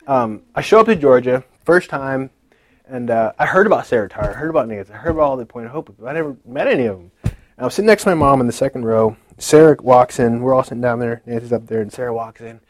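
A man shares a personal testimony in a relaxed storytelling way, acting out what others said to him. His voice sits at a middle pitch. The recording is dry, with no room echo. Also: fast. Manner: chatty storytelling that acts out what others said, with many "like" fillers. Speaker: speaker giving a testimony at a conference.

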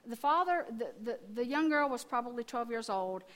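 A woman in her fifties preaching a sermon, telling family stories and swinging between quiet asides and loud, emphatic testifying. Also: fairly high pitch, lively intonation, moderate pace.

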